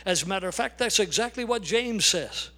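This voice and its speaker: Older guy preaching, pretty high voice, leans hard on the big words and slows down for them. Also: expressive, pushed and bright. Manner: emphatic, slows and stresses key words. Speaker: pastor. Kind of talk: sermon.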